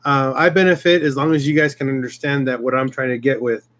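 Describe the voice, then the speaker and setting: Here a channel host talks quickly in a medium-pitched, steady, fairly bright voice. He rambles through a casual live stream with his viewers, speaking heartfelt words, becoming emotional, and restarting many times.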